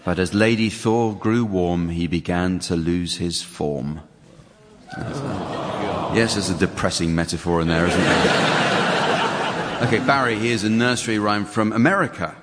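A man's voice: deep voice, a little slow, pauses often. A man hosting a comedy panel game in front of a studio audience, reading out rhymes with dry, mock-serious delivery. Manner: dry, mock-serious delivery, chuckles at his own jokes. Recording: audience hall recording, crowd noise.

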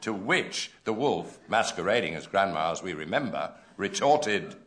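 A man's voice: sits low, expressive, normal speed. A man improvising a comic story in a mock-dramatic, playful way, recorded on a stage with an audience. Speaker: comedy panelist. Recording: roomy stage sound with loud noise. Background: audience laughter.

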